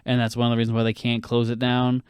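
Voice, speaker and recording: Animated young man with a smooth, dry voice. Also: mid-range voice, dry recording. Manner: animated, swears a lot, quick bursts. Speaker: podcast co-host. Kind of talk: casual film chat.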